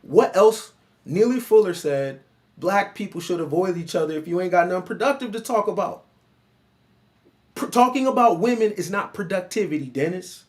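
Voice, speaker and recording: A man's voice: high-pitched, animated, normal speed. A man hosting a reaction commentary, blunt and emphatic, talking back at the clip he is watching. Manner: blunt, emphatic, keeps addressing the other man by name.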